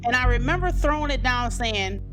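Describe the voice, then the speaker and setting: Woman, casual personal testimony. Conversational and filler-heavy, pitch rises sharply on quoted lines. Soft music bed. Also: lively intonation, brisk. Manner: conversational, many "you know" and "like" fillers. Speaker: guest telling her life story. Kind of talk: personal storytelling.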